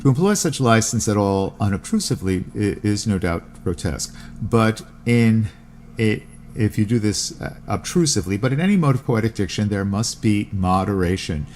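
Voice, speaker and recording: A man's voice: on the low side, expressive, moderate pace, darkish tone, a little hiss or hum. A man hosting a podcast, reading aloud from a classical text with plain asides and spelling out Greek words letter by letter. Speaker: podcast host.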